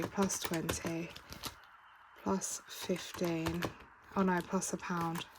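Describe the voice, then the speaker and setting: A British woman talking through her savings in a casual vlog, chatty and counting aloud, sometimes stopping to correct herself. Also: on the low side. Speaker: budgeting vlogger. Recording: clear background noise with keyboard clicks.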